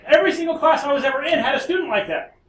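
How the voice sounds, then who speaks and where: Chatty professor in an echoey classroom. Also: male voice, very high-pitched, animated, very fast, fairly bright tone. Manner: chatty, storytelling asides. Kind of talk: classroom lecture. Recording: echoey classroom, distant mic, faint noise.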